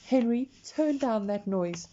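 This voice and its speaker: A woman voicing a cheerful, stubborn dad on a family camping trip, who yells and talks brightly. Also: on the high side, expressive, slow pace, dull audio. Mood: bossy cheerful. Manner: yelling, bright and bossy.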